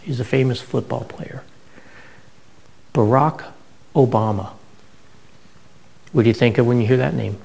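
A man's voice: medium pitch, vocal fry, darkish tone, poor audio. A middle-aged man preaching a sermon, telling stories in a conversational way with frequent restarts. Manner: conversational storytelling with many restarts.

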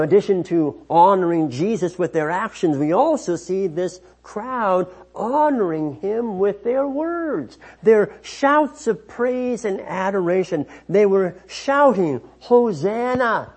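A man preaching a sermon, slow and measured, often restarting his phrases. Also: high voice, lively intonation, darkish tone.

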